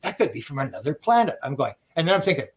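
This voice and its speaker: A man in his sixties from Canada, telling stories in an interview with excitable energy, acting out quoted exclamations, often restarting and laughing. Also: mid-range voice, fast, breathy edge. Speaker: UFO researcher telling stories. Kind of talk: animated storytelling interview.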